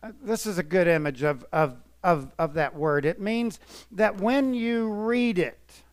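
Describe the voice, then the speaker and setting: Earnest, emotional preacher man, smooth voice. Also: high-pitched, expressive, measured pace, dry recording. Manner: emotional, earnest, swells and drops in volume. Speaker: pastor. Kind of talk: sermon.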